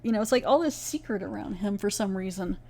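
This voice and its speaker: A woman hosting a podcast, casually recapping a TV episode in a chatty, animated way. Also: mid-range voice, quick pace. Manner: chatty, animated, retells scenes with quoted voices. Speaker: podcast host reviewing a TV episode.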